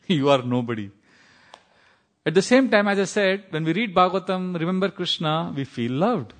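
A man's voice: high-pitched, lively intonation, normal speed. A man from India with an Indian accent, teaching a scripture class, telling stories, quoting Sanskrit verses and laughing at times. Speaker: spiritual teacher.

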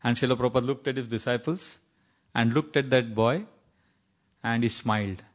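A man's voice: mid-range voice, normal speed. A man from India with an Indian accent, teaching a scripture class, telling stories, quoting Sanskrit verses and laughing at times. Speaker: spiritual teacher.

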